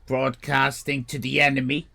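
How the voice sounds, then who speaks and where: An Irish man hosting a live stream, chatting casually with viewers, swearing and joking in animated rants. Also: mid-range voice, normal speed, gravelly. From Ireland. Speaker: livestream host.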